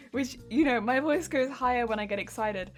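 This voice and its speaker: A woman craft streamer chatting casually on a live stream while hoarse, her wheezy voice cracking as she talks. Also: on the high side, moderate pace, faint music behind.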